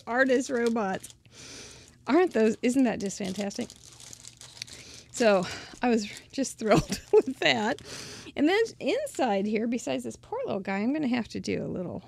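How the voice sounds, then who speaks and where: A woman's voice: on the high side, gravelly, darkish tone, no echo. A woman hosting a craft channel, gushing and chatty as she shows off mail she was sent, often laughing. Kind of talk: casual show-and-tell of mail.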